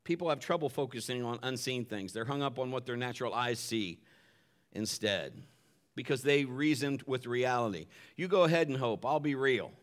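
A man's voice: mid-range voice, animated, moderate pace. A middle-aged male pastor preaching a sermon, telling family stories in a folksy way and swinging his voice up for dramatic moments.

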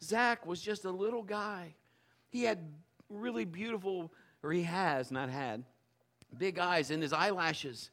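A man preaching a sermon as pastor, acting out stories and swinging from hushed tones to shouts. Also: high voice, measured pace. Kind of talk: sermon with personal storytelling.

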